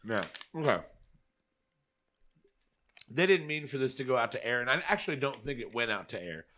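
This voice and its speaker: A man's voice: mid-range voice, sing-song, normal speed, bright, forceful tone, a little hiss or hum. A man hosting a podcast, talking casually and animatedly, swearing freely. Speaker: podcast host. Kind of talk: casual chat.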